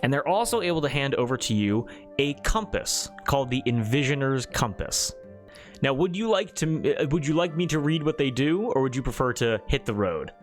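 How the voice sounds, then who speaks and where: A man's voice: mid-range voice, lively intonation, normal speed, faint music behind. A man running a tabletop game as game master, narrating in a loose, rambling way with many fillers.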